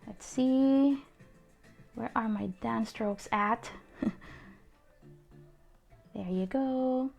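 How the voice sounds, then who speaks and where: A young woman teaching an online calligraphy workshop from her desk, chatty and encouraging, laughing often and filling pauses with ums. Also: on the high side, vocal fry, a little mellow, faint music behind. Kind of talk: casual online workshop demonstration.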